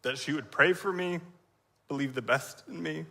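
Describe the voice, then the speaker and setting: A man in his thirties delivers a sermon testimony from a church stage, his voice bright and forward on the stage mic. He is crying as he talks, halting often and clearing his throat between phrases. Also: a little high. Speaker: church speaker.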